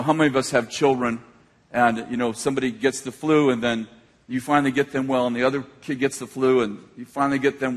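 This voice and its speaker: Husky older male pastor preaching. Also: medium pitch, long reverb tail. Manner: conversational storytelling, frequent restarts. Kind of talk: sermon.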